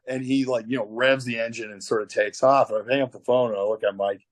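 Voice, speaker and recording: Animated swearing Canadian storyteller man. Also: mid-range voice, quick pace, hardly any pauses, no room sound. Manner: animated storyteller, swears a lot, acts out quotes. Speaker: tattoo artist guest. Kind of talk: storytelling interview over video call. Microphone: video call.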